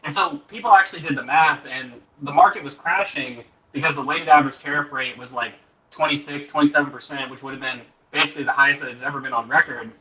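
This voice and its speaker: A man's voice: fairly high pitch, fast, bright, forceful tone, dull audio. A man explaining economics in a casual panel chat, rambling with hedges, on a poor microphone. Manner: rambling, hedging with fillers. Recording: poor distant mic.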